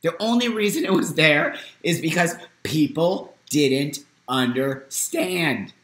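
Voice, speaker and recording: A man in his fifties hosting a live stream, talking in an emotional, emphatic way, at times near tears, swinging from loud to hushed. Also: on the high side, slow, echoey room. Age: 50s. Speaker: host.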